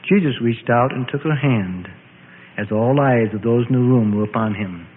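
A man reading a scripture story aloud in an expressive, dramatic storytelling way. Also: medium pitch, normal speed, slight background noise. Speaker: narrator. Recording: tinny, echoey lo-fi radio audio.

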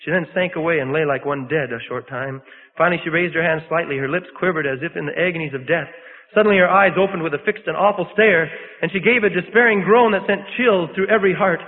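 Male preacher, high pitch, dramatic sermon storyteller, tinny echoing recording. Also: fast. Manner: dramatic storytelling, rising to emphatic peaks. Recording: phone-like audio in a long-echo hall.

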